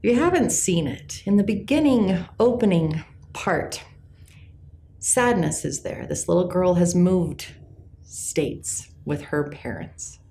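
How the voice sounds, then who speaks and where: Middle-aged woman, lowish voice, earnest reflective vlogger, soft delivery. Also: lively intonation, vocal fry, slight background noise. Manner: gentle and earnest, slowing on key words. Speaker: class teacher sharing personal reflections. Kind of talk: reflective personal talk to camera.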